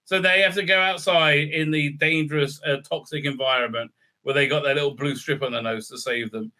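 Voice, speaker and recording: A man recapping a show in a sarcastic, profane rant, stumbling over uh's and restarts. His voice sits high and sounds very bright and cutting. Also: steady tone, a little fast. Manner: sarcastic, profane, stammering fillers. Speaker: show reviewer. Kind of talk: ranting recap commentary.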